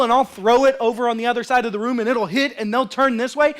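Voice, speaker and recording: Impassioned high-voiced male pastor preaching. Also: steady tone, quick pace, few pauses, slight background noise. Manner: impassioned, swinging between loud and hushed; storytelling with acted quotes. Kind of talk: sermon.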